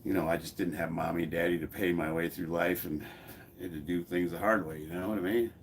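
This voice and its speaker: Man in his 40s, low-ish voice, blunt and jokey, casual garage-gym chat, faint room hum behind. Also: steady tone, fairly quick. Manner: blunt, joking, laughs often, swears freely. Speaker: fitness YouTuber. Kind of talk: casual chat while lifting in a garage, reading comments aloud.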